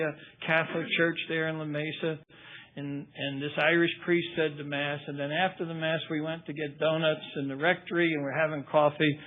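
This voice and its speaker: An older man tells his recovery story at a meeting. He keeps a wry, conversational tone, and his voice sits a little high. The recording is thin and tinny, like a phone line. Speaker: AA speaker.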